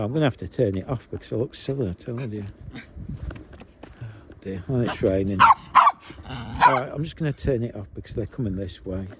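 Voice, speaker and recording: A man chatting casually and coaxing his dogs on an outdoor walk, recorded on a handheld phone. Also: medium pitch. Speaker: vlogger. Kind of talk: casual chat while walking dogs. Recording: outdoor phone audio with background noise.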